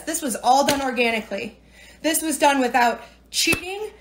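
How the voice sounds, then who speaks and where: Tearful high-voiced woman, chatty. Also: a little fast, a little hiss or hum. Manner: chatty, rambling, emotional, frequent "right?" and "you know". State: tearful, near crying. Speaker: direct-sales team leader. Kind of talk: casual livestream talk to viewers. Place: at home.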